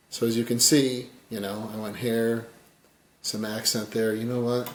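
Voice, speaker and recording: A man giving a casual fly tying tutorial, rambling and folksy, his voice often dropping quiet as he works. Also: medium pitch, flat delivery, a little slow, reverberant, slight background noise.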